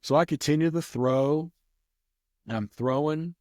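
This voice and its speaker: A man's voice: on the high side, measured pace, darkish tone, no room sound, studio quality. A man telling a rambling casual story as an interview guest, with many restarts. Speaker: guest, craps player.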